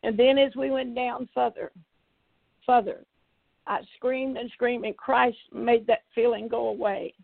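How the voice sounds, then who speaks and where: A woman's voice: on the high side, steady tone, unhurried, gravelly, no echo. An older evangelist woman, giving an emphatic testimony and repeating phrases for effect. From Tennessee, US. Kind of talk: testimony preaching. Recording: tinny phone-like audio.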